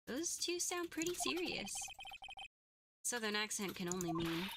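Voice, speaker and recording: A woman's voice: mid-range voice, big pitch swings, a little slow, background noise. A young woman streamer giving jokey, chatty let's-play commentary. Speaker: gaming streamer. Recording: game music underneath. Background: game music.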